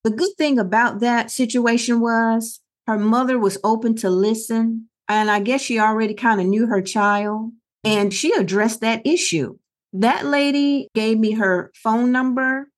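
Her voice fairly high and her pace measured, a middle-aged woman co-hosting a podcast relates a story in an earnest, conversational manner. Along the way she performs the quoted lines of the others involved.

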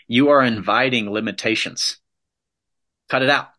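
Forceful, bright-voiced motivational speaker man. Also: mid-range voice, moderate pace, pauses often. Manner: emphatic, punchy repetitive phrasing. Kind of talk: motivational talk.

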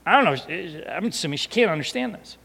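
Male pastor, fairly high voice, storytelling sermon, long hall reverb. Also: a little fast, vocal fry, slightly rough. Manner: animated storyteller, drops to hushed emotional tones.

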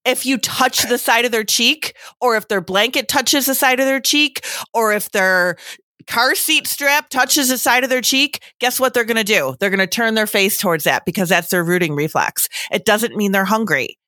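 Bright-voiced chatty woman podcast host. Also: on the high side, normal speed, no echo, clean studio sound. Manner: chatty, animated, lots of fillers. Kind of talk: casual podcast chat.

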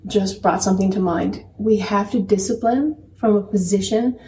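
A woman's voice: mid-range voice, normal speed, dark tone. A woman in her thirties talking earnestly about faith and parenting and telling a personal story, repeating phrases for emphasis. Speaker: podcast co-host. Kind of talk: faith-based parenting chat. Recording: roomy, distant mic, faint background noise.

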